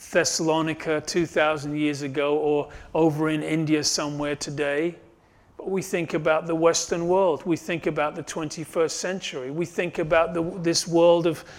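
A male pastor preaching a sermon, building up loud on key points and dropping soft at the close, with frequent restarts. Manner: rises and swells when stressing a point, then drops low and soft; repeats and restarts phrases while preaching.

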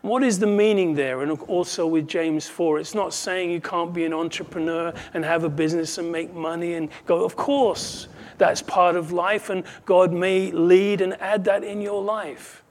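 Earnest preaching man, slightly high voice. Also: fairly even intonation, normal speed, hardly any pauses. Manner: earnest, emphatic repetition. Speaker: pastor. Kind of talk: sermon.

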